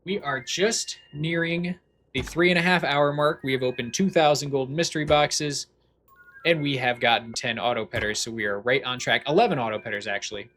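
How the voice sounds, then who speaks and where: A male streamer chatting casually over his gameplay, goofy and rambling and quick to poke fun at himself. His voice sits at a middling pitch, with a faint hiss of noise behind it. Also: a bit bright. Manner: goofy, self-deprecating, rambling. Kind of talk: casual livestream chat while gaming.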